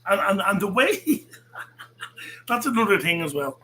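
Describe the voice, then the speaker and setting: A man's voice: high voice, sing-song, unhurried, pushed and bright, a little hiss or hum, poor audio. A man hosting his own channel, reacting to a clip with laughter, mockery and frequent swearing. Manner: laughing, mocking, swearing freely. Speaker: YouTube channel host. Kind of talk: casual commentary.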